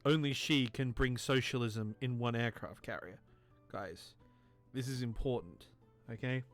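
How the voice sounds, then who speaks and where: A man's voice: mid-range voice, a little slow, faint music behind. A tipsy man hosting a let's play, rambling, joking, and swearing as he comments on a game.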